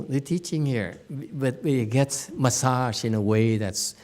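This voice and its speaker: Man, Buddhist teacher, slow lecture, blunt, teasing, halting with fillers. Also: medium pitch, darkish tone. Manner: plain-spoken, blunt and teasing, with many fillers and restarts. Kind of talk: dharma lecture to students. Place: meditation center hall.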